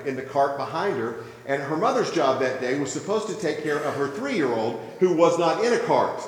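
A man preaching a sermon, telling a story with gentle humor before moving into earnest teaching. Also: on the high side, slight background noise. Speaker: pastor. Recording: very echoey hall with long reverb.

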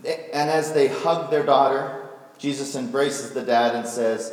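A man's voice: mid-range voice, measured pace. A male pastor preaching a sermon, retelling a story vividly and asking rhetorical questions. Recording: echoey hall, voice from far off.

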